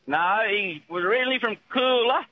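Man, Australian accent, radio caller, laconic, higher pitch, muffled phone audio. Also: animated, brisk. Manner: laconic, calls everyone mate. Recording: dull phone line with faint hiss.

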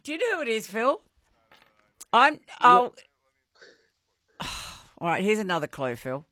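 A woman hosting a live radio quiz, bubbly and quick to laugh. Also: a little high, very animated, pushed and bright, no room sound.

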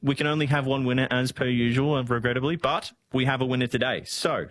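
A man's voice: mid-range voice, steady tone, a little fast, heavy background noise. A man, producing a radio show and chatting on air in a rambling way, laughing often. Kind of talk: casual on-air radio chat.

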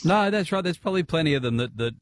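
A man with an Australian accent hosting a casual radio interview, chatty and quick to laugh. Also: a little high, expressive, a little hiss or hum. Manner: chatty, laughs easily, lots of fillers. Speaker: radio host.

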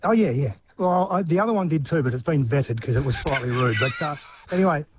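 A man with an Australian accent calling a radio show, talking haltingly with restarts and stammers. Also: fairly high pitch, lively intonation. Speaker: radio caller. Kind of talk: phone-in chat. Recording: dull phone line with faint background hum.

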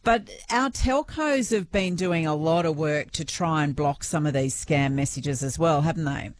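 A woman's voice: low voice, moderate pace, a little hiss or hum. A woman presenting morning radio in a friendly, conversational way.

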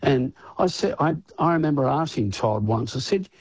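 An older man with an Australian accent spins loose, rambling stories, leaning on fillers as he goes. His voice is husky, caught dry and close at a studio mic. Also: mid-range voice, expressive, normal speed, no echo. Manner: rambling storyteller, filler-heavy. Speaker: guest musician. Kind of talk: radio interview.

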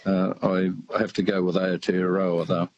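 Older man, low husky voice. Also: completely flat delivery, darkish tone, no room sound, lo-fi sound. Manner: hesitant, halting, lots of uh fillers. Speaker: radio caller. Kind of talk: casual chat.

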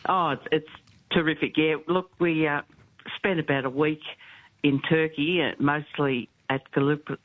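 A woman phones in to a radio show, speaking briskly with a few fillers. Her voice comes through a tinny, dry phone line. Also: deep voice, fairly even intonation, no echo. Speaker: caller and correspondent. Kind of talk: phone-in talkback.

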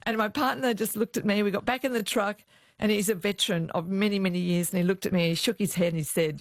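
A woman's voice: fairly low pitch, fast talker, dry recording. A middle-aged Australian woman, a former police officer, telling anecdotes in an interview and acting out the voices of the people in them. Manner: animated anecdotes, acts out quoted voices. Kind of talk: interview storytelling.

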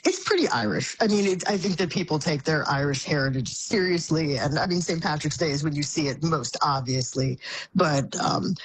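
A woman's voice: deep voice, normal speed, slight background noise, rough recording. A woman speaking as a guest commentator, explaining things thoughtfully with frequent restarts and fillers. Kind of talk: conversational explaining. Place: Boston area.

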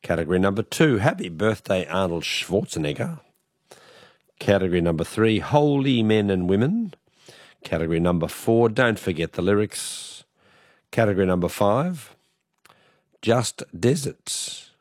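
A croaky Australian man hosting late-night radio, his voice sitting very low and recorded dry and close in the studio. He chats in a rambling, self-deprecating way with plenty of fillers. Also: big pitch swings, moderate pace, a little mellow, no echo. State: croaky voice from a cold. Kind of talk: casual radio talk. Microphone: studio microphone.

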